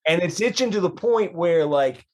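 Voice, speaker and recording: A man with a somewhat high voice tells a long, crude anecdote on a podcast. He swears freely and keeps the story rolling with energy. He is a visiting band member among friends. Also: moderate pace. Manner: profane, animated anecdote telling.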